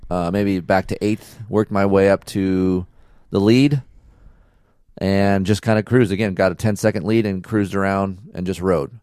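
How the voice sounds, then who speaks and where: A man with a fairly low voice chats on a casual podcast and tells a story in a relaxed, slangy way. The sound is dry and close, with no room echo. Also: measured pace, clean tone. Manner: laid-back storytelling with slang. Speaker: podcast host. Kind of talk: casual chat.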